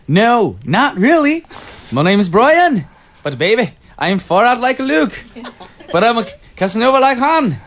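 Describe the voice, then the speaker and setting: Man voicing a flirty seventies dude lost in time, jumpy lively pitch, radio skit. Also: unhurried, full character voice. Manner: hip seventies slang, flirty.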